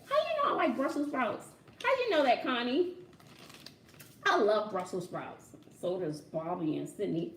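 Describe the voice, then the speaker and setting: A woman vlogging casually from home, excited and giggly, talking to her viewers as y'all. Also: on the high side, normal speed, recorded from a distance, a little hiss or hum. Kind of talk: casual vlog chat. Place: home room. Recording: echoey room, off-mic.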